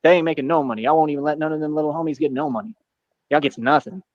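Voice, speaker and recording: A man's voice: fairly high pitch, dry recording, dull audio. A man talking in a boastful, defiant monologue, full of street slang. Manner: boastful, defiant, rapid slang-filled talk. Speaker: streamer in a played clip.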